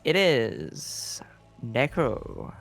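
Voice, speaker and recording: A man's voice: mid-range voice, wildly swooping pitch, very slow, creaky, over music. A man casting a live video game match, joking and bantering with his co-caster. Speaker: esports caster. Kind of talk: casual live game commentary.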